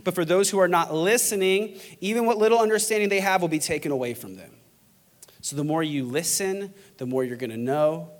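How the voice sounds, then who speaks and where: Young guy pastor preaching, bit higher voice, jokey, goes loud then real quiet. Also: brisk. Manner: lively and joking, swinging from loud to hushed. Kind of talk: sermon. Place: church auditorium.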